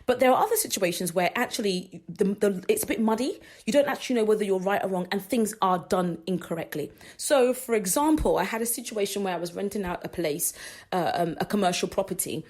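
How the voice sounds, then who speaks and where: A woman, hosting a gospel radio show and telling a personal story in an animated way, acting out what others said and laughing often. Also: medium pitch, fairly quick. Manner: animated, acts out quoted dialogue, laughs often.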